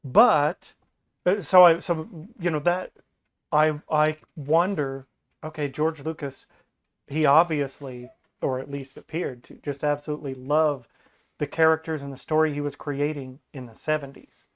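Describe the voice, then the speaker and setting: Brief: male podcast guest, higher-pitched, animated casual chat, mocking impressions. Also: unhurried. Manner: animated, acts out quoted lines in mocking voices.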